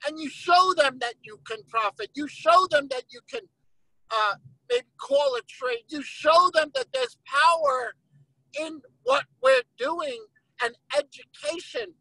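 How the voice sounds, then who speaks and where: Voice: sits high, unhurried, dry recording, poor audio. A guest speaker on a video call, giving a motivational talk and retelling a story with acted-out quotes. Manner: animated storyteller who acts out quoted lines.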